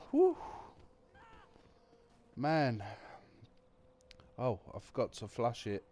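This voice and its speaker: A man's voice: medium pitch, huge pitch swings, extremely slow, long pauses, dark tone, a little hiss or hum. A man giving casual, crude, joking commentary over a video game, muttering as he reads things aloud. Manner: mutters while reading numbers aloud. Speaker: gaming commentator.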